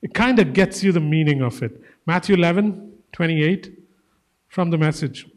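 Give me a high-pitched male preacher delivering an emphatic sermon. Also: moderate pace, big-room sound. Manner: emphatic, repeats phrases, calls listeners "guys".

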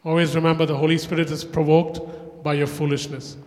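A man pastoring a church, speaking in a relaxed, conversational way and checking in with the congregation. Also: fairly high pitch, brisk. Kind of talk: casual sermon and church announcements. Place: church hall. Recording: reverberant church hall.

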